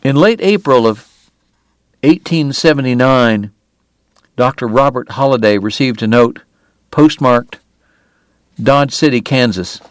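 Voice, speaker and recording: A male audiobook narrator reads slowly and lyrically at a mid pitch, letting his phrases swell and settle. The recording is close and completely dry, with no room echo. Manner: slow, lyrical, swelling with intensity.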